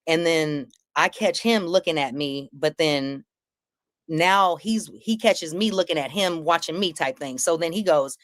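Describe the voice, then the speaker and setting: A woman with a fairly low voice tells a story on a live panel, jumping up high to act out the lines she quotes. She curses freely as she talks. Her voice sounds close and dry. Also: no echo. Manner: acts out quotes with big pitch jumps, swearing freely. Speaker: comedian guest telling a story.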